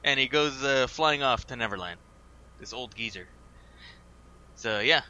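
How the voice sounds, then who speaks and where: Bright-voiced man chatting casually. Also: mid-range voice, a little slow, muffled recording. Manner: rambling, laughs a lot. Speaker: podcast co-host. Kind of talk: casual chat.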